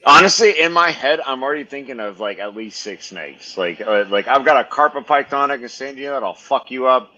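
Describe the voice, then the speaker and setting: Excitable swearing podcast host. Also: male voice, mid-range voice, a little fast, few pauses, muffled recording. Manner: excitable, swears a lot, laughs often. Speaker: podcast host, reptile keeper. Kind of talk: casual chat.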